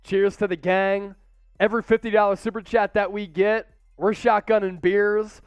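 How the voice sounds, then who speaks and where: Man, sports host, high clear voice, dry sound, faint music, loud cheering play-by-play. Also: moderate pace, dry recording, lo-fi sound. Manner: excitable, shouts chants and play-by-play calls. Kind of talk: live sports watch-party commentary.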